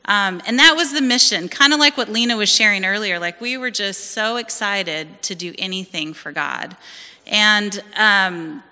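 At a church service, a Californian woman in her forties shares her personal testimony, bringing quoted people to life as she tells it with energy. Her mid-range voice is very bright and sharp, moving at a moderate pace, and the church hall gives it a long, ringing reverb.

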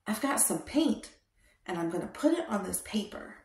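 A young woman hosting a toddler show, talking in a slow, exaggerated sing-song way to teach small children. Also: mid-range voice, very animated. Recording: roomy echo.

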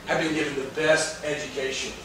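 A man's voice: on the high side, fairly even intonation, fairly quick, fairly bright tone. A male pastor preaching a sermon with emphatic delivery, often asking the congregation questions. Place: church sanctuary. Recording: echoey church hall from far off.

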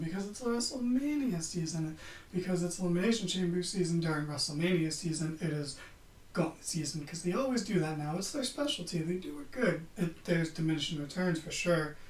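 A man hosting a podcast, giving a casual, sarcastic wrestling recap and swearing freely. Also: high-pitched. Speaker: podcast host. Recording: roomy, distant from the mic.

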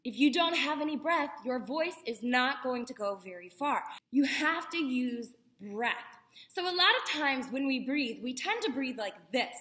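Woman, acting teacher, high pitch, bright tone, encouraging, demonstrative. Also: lively intonation, moderate pace. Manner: encouraging, demonstrates vocal exercises. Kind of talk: voice lesson for kids.

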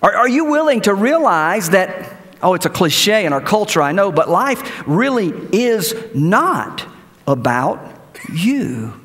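A male pastor delivers an animated sermon in a church sanctuary. His voice sits high and swings widely in pitch, and a long hall reverb trails after his words. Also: slow pace. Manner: animated preaching with repeated words and rhetorical questions.

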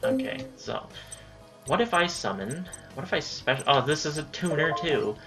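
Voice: medium pitch, lively intonation, moderate pace, fairly bright tone, soft background music. A gaming channel host giving casual let's-play commentary, talking to themself and often saying "dude". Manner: casual self-talk, says "dude" a lot.

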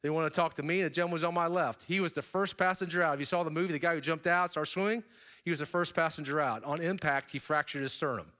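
A middle-aged man giving a keynote talk, telling a story in a lively way and turning to the audience with casual asides. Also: quick pace. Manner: animated storyteller, pitch jumping up for emphasis. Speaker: keynote speaker. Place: stage before an audience.

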